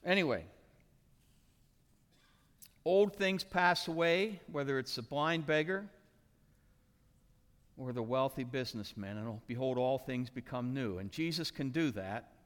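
Animated preacher in a reverberant hall. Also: male voice, mid-range voice, unhurried, pauses often. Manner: dramatic, acts out characters with shouts and whispers. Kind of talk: animated sermon with acted-out voices.

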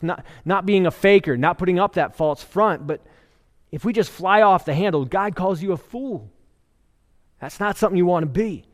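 A middle-aged man delivers a conversational sermon, with a slightly higher-than-usual voice. He tells stories and jokes to make his points, and the sound carries a long reverb from a large sanctuary. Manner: conversational preaching with joke storytelling. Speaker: pastor.

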